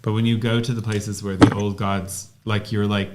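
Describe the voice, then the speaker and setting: A man co-hosting a live podcast, rambling through a story in a relaxed way. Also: on the low side, moderate pace, heavy background noise. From United States. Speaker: co-host.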